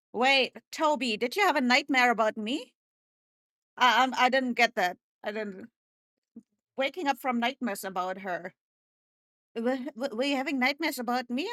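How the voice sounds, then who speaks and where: A hoarse woman streamer chatting casually and joking with viewers, often stammering and restarting. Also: a little high, animated, slow, pauses often, a bit bright, no echo. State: hoarse, clearing throat. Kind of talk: casual live-stream chat.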